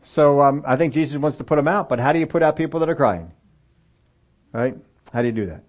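A man's voice: a little high, quick pace. Older male pastor, folksy sermon. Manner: folksy, self-deprecating asides between Bible readings. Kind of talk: sermon with scripture reading. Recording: dull lo-fi sound.

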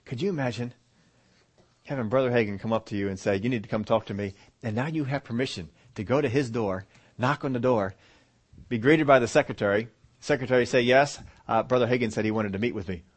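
Pastor, male, mid-pitched, preaching to a church, moves from storytelling to forceful exhortation. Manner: storytelling, building to loud emphatic preaching. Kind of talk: sermon.

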